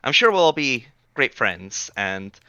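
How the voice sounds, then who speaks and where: A man voicing a polite, slightly wry female innkeeper in a tabletop game, with a bright, clear voice in a dry room. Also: medium pitch, big pitch swings, measured pace, no room sound, exaggerated voice. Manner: politely formal, a little wry.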